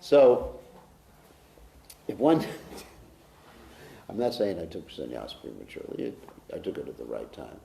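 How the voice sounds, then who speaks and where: A man's voice: sits low, wildly swooping pitch, unhurried, vocal fry, pauses often, warm tone, slight background noise. A man giving a scripture class to an audience, joking and poking fun at himself as he teaches. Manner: humorous, self-mocking, teases the audience. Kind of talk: lecture on scripture. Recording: echoey room.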